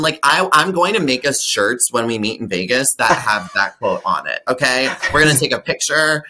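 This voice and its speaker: A man talking as a podcast guest in a gossipy, animated way, laughing a lot. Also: mid-range voice, moderate pace, hardly any pauses. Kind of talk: casual podcast chat.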